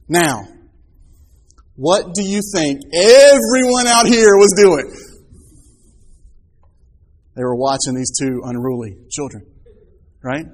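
Male preacher, animated storytelling, rhetorical questions, voice a bit high. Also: normal speed, long pauses. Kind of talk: sermon.

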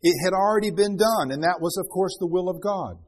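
A man's voice: high voice, a little fast. A man preaching a Bible-teaching sermon, reading scripture aloud with rising emphasis and then explaining it in loose, restarting talk.

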